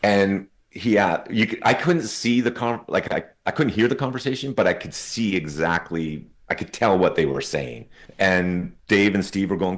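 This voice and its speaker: Deep-voiced man in his fifties telling stories. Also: moderate pace. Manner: animated, swears freely, laughs while telling. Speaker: podcast guest. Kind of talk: casual storytelling.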